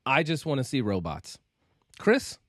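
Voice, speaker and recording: A man's voice: medium pitch, wildly swooping pitch, unhurried, a bit bright, dry recording, studio quality. A man co-hosting a podcast, making provocative, sweeping claims in a casual debate. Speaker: podcast co-host.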